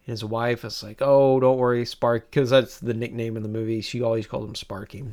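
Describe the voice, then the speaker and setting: A man in casual chat as a podcast co-host, retelling movie scenes in an animated, rambling way, with many restarts. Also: fairly low pitch, fast talker.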